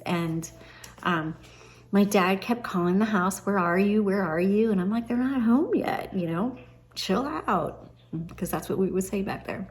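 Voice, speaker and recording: A middle-aged woman tells a personal story of faith in a relaxed, conversational way. She is earnest and chatty, often pausing with an "um" and going back to restart a phrase. Her voice sits at an ordinary middle pitch for a woman. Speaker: Christian vlogger. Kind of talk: personal testimony, casual storytelling.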